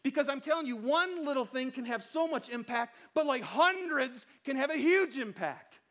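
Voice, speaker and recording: A man preaching a casual, conversational sermon, chatty and lively with playful asides. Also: extremely high pitch, normal speed. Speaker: pastor.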